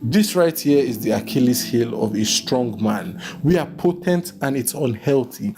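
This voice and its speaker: Joking young Nigerian man recapping a movie. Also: mid-range voice. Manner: joking, teasing, playful asides with laughs.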